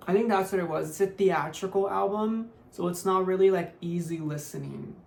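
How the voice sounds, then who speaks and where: This young woman speaks at a normal speed in a fairly low, creaky voice that's a little mellow. A beauty vlogger, she rambles casually through her makeup tutorial with plenty of "like" and offhand asides. There's an echoey room and a bit of faint noise.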